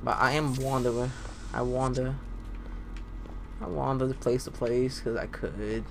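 A young man giving casual, excitable gameplay commentary, swearing and talking to himself as he plays. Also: mid-range voice, unhurried, gravelly, a little hiss or hum. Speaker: let's play gamer.

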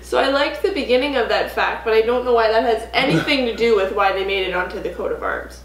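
Young woman, vlog co-host, chatty with lots of fillers, bright-pitched, roomy sound. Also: fast talker. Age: young adult. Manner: chatty, laughing, many fillers. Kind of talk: casual couch chat. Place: home living room couch.

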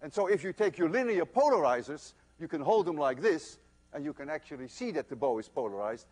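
Older male lecturer, emphatic storyteller, voice a bit high, highly varied intonation. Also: animated, a little fast, a little mellow. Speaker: physics lecturer. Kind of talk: university lecture. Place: lecture hall.

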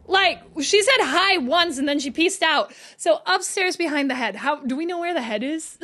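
Woman streamer, squeaky and excitable, high bright voice, live game commentary. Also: moderate pace. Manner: excitable, chatty, talks to chat.

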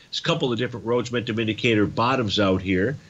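A man's voice: on the low side, fast talker, a bit bright, dull audio. A man hosting a trading show, methodically walking through chart levels in live market commentary with frequent fillers.

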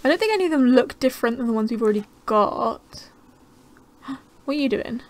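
A young woman giving casual, excitable gameplay commentary, gasping and chattering to the creatures on screen. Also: a little high, a little fast. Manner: bubbly, gasping, easily excited. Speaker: gaming channel host.

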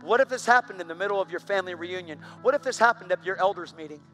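A male preacher with a notably high, bright and forceful voice delivers a live sermon to a church congregation. He talks in an earnest, emphatic and intense way, driving each point home. Faint music plays behind him. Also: fast. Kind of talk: live sermon with dramatic storytelling. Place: church service on stage.

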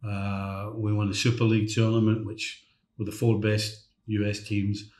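A middle-aged man, a former footballer and coach, tells lively anecdotes as a guest on a casual chat podcast. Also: on the low side, moderate pace. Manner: anecdotal, lively, mimics others in quotes. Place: hotel room podcast set. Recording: roomy echo.

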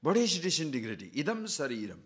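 A man giving a spiritual discourse, telling a fable in an animated way and checking in with his listeners as he goes. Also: fairly high pitch, quick pace. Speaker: spiritual teacher.

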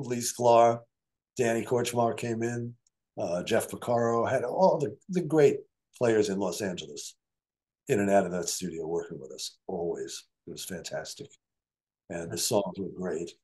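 A man's voice: on the low side, a little slow. An older man telling stories from his career as a musician and producer in a casual interview, acting out quoted voices. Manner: animated storyteller, acts out quoted voices.

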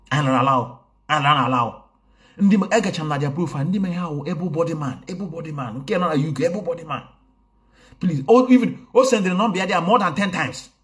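A man commenting casually on a livestream, mixing languages and greeting viewers one by one. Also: on the high side. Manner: code-switching, greets viewers by name. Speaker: online activist commentator. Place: indoors, recorded in a home in a city.

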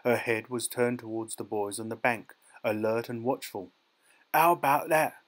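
A man narrating a dark short story as an audiobook, in a measured, dramatic storytelling manner. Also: fairly low pitch, level tone, low-quality recording. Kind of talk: scripted narration.

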